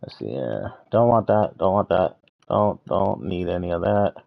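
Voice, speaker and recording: A man's voice: deep voice, lively intonation, normal speed, gravelly. A man from Canada streaming a game, playfully chatting, humming and taunting to himself. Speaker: live streamer. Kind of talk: casual gameplay commentary. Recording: dull lo-fi sound.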